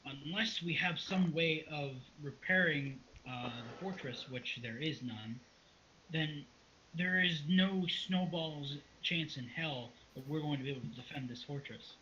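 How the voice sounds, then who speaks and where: A man's voice: a little high, measured pace, sharp tone, a little hiss or hum. A man doing a stammering, nervous court clerk. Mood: anxious. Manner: stammering, hesitant. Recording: dull lo-fi recording.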